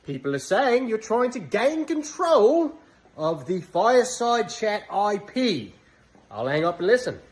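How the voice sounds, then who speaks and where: A man's voice: high-pitched, big pitch swings, unhurried. A man putting on an Australian accent as a mock-serious talkback caller in a submitted clip. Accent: put-on Australian.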